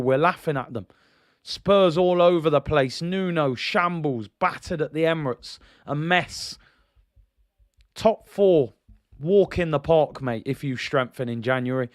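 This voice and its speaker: A man's voice: fairly high pitch, smooth, no echo, studio quality. Frustrated man ranting on stream. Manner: frustrated, rhetorical questions, reads out viewer comments. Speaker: football channel host. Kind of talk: livestream fan rant.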